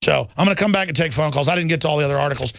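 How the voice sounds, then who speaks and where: A man's voice: a little high, very fast, creaky, fairly bright tone, no echo. A man hosting a radio talk show, ranting intensely about the government and taking calls.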